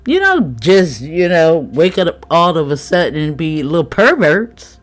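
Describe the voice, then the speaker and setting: A woman's voice: deep voice, sing-song, a little slow, faint music behind. A woman giving a casual, frank tarot reading commentary, chatting, swearing freely and laughing often. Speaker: tarot reader.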